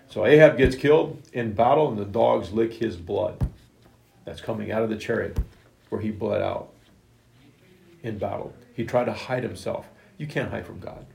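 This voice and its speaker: A man preaching a sermon, emphatic, retelling scripture in plain everyday words with a gravelly voice. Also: on the low side, darkish tone. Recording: echoey room.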